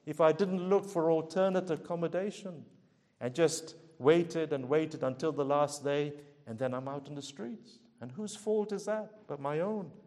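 A man's voice: a little high, moderate pace, dark tone, big-room sound. A man preaching a sermon, earnestly pleading with his listeners and asking repeated rhetorical questions.

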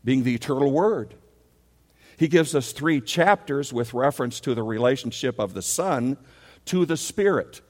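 A man preaching a sermon as pastor, animated and leading his congregation in call-and-response. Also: medium pitch, big-room sound.

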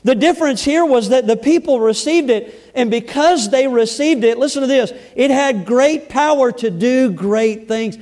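A pastor preaching a sermon, emphatic, repeating words and stressing key phrases slowly and loudly. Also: male voice, very high-pitched. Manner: emphatic, repeats words, shifts between loud bursts and slow stresses.

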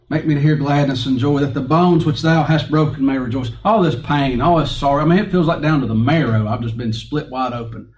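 Folksy preacher, heard from afar. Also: male voice, mid-range voice, a little fast, a little mellow. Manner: folksy, conversational preaching with rhetorical questions and chuckles. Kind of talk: sermon. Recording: distant mic with faint room noise.

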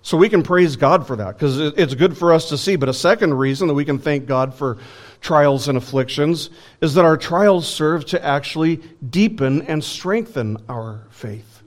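A man's voice: a little high, normal speed. A man preaching a sermon in an earnest, emphatic way, building lists and asking rhetorical questions.

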